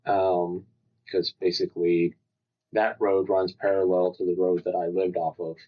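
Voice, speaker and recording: Laid-back guy cohost, kinda low voice, dry jokes, muffled lo-fi podcast audio. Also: flat delivery, unhurried. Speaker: podcast co-host. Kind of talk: casual chat.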